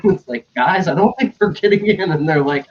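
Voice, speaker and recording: A man's voice: fairly high pitch, animated, moderate pace, slightly rough. A young man telling a story in casual chat, acting out other people's lines and swearing freely. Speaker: stream host telling a story. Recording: dull lo-fi stream audio.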